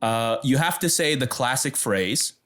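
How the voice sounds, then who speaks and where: A man in casual podcast chat, telling an animated story and doing the voices of the people in it. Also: mid-range voice, measured pace. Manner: animated storyteller who acts out other people's lines.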